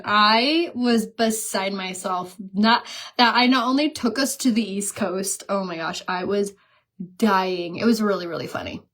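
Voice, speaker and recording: A woman's voice: mid-range voice, a little slow, a bit bright. Chatty 30-something woman doing her makeup and gabbing, laughs at herself a lot. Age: 30s. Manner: chatty, self-mocking, storytelling, laughs at herself. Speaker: beauty vlogger. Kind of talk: casual chat while doing makeup.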